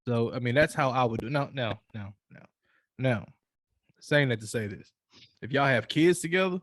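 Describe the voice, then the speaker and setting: A man's voice: medium pitch, normal speed, a bit bright, dry recording, studio quality. Profane man preaching dating advice. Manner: loose, profane, preachy storytelling with repeated restarts. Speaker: podcast co-host. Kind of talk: casual chat giving advice.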